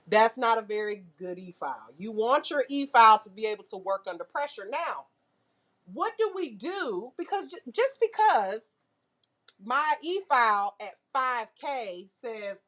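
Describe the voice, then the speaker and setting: A woman teaching a nail class, lively and full of questions to her students. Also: fairly high pitch, normal speed. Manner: lively, asks the class questions, uses car comparisons. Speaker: nail instructor. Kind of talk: classroom lecture.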